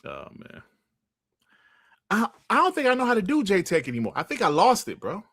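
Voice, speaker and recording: A man's voice: high voice, huge pitch swings, moderate pace, fairly bright tone, breathy edge, dry recording. A man hosting a casual livestream chat, rambling in slang and laughing often into a close mic. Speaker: host.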